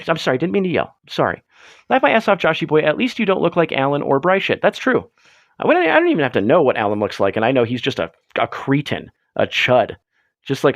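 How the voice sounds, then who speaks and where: A man's voice: no room sound, clean studio sound. Jokey, self-mocking man streaming. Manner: rambling, self-mocking, jokey, swings his pitch up and down a lot. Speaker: livestream host. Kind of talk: late-night solo livestream chat reading chat messages.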